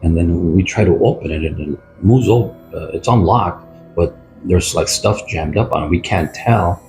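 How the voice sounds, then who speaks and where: An older man, a retired police officer, recounting an experience from his career in a rambling, halting way with many fillers. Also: low voice, darkish tone. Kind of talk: storytelling interview. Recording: roomy echo with faint music.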